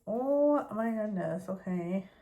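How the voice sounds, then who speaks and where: A woman giving a casual tarot reading, chatty and expressive as she talks through the cards. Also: medium pitch, slow, phone-quality sound. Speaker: tarot reader.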